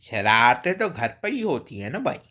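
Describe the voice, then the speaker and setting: A man doing a rustic, chatty character with a heavy Bhojpuri accent, talking in a rapid, animated rush. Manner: rapid, animated, high-energy gabbing.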